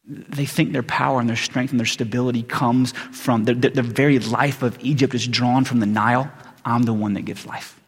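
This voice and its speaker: A man's voice: mid-range voice, fairly even intonation, moderate pace, breathy edge. A man preaching in a casual, conversational way, often saying "like" and "right?", heard with long hall reverb in a church sanctuary. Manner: conversational, frequent "like" and "right?", restarts. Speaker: pastor. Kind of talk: sermon.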